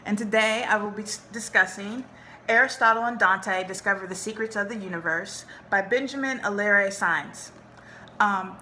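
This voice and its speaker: A woman's voice: mid-range voice, sharp tone, a little hiss or hum. A woman hosting a book talk, speaking informally and enthusiastically with many fillers. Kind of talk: book talk with read-aloud.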